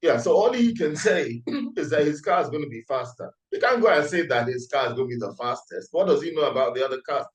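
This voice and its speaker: A man's voice: a little high, lively intonation, fast talker. A man co-hosting a casual sports podcast chat, with a dry, wry way of speaking. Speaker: co-host. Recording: echoey room.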